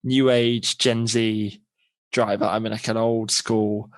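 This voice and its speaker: A man co-hosting a podcast in casual chat, adding dry, deadpan quips. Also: fairly low pitch, takes it slowly, no echo. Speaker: podcast co-host.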